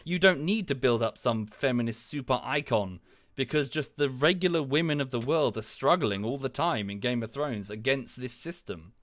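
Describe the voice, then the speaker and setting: A man's voice: medium pitch, fairly bright tone, dry recording, clean studio sound. A man, streaming from home and ranting about a TV series in a casual, rambling way, swearing, trailing off and restarting his sentences. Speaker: livestreamer. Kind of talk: casual livestream rant.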